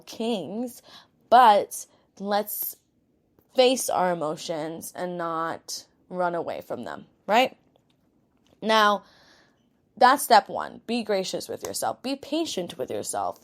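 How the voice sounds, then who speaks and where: Tired young new york woman, podcast host, candid rambling pep talk, swears a lot. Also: on the low side. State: tired after a workday. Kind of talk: casual self-help pep talk.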